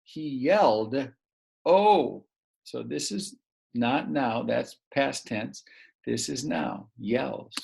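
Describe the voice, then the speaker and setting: A man teaching a recorded grammar lesson to young children, patient and prompting them to pause and answer. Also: medium pitch, vocal fry, husky.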